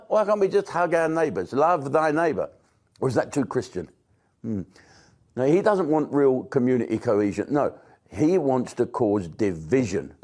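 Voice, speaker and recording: Sweary mocking British comedian, dark voice. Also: male voice, mid-range voice. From Britain. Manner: blunt, sweary, mocking and sarcastic. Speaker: comedian ranting to camera. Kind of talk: angry casual monologue.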